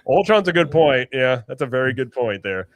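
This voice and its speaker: A man's voice: medium pitch, lively intonation, moderate pace, dry recording. A man hosting a casual livestream podcast, chatty, often restarting and correcting himself. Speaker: podcast host. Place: home, late at night.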